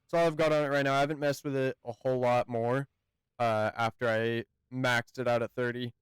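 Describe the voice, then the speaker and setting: Halting man with a smooth, dry voice. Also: medium pitch, level tone, dry recording. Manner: hesitant, halting, often searching for words. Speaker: gaming channel host. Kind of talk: casual game review talk.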